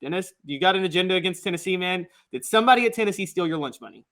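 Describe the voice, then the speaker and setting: A man's voice: high voice, animated, rapid-fire, a bit bright. A man co-hosting a sports talk show, opinionated and joking in casual chat. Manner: opinionated, laughs at his own jokes. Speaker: sports podcast co-host.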